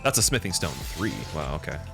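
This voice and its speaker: Deep-voiced guy streaming a game, chatty and giggly, faint music behind. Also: brisk. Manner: chatty and giggly, talks to chat, gets loud and excited. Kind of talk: casual live-stream commentary while playing.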